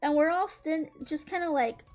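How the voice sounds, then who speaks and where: A woman's voice: sits high, moderate pace, a little mellow, faint music behind. A young woman telling a story while drawing, rambling with lots of fillers and frequent giggles. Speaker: YouTuber.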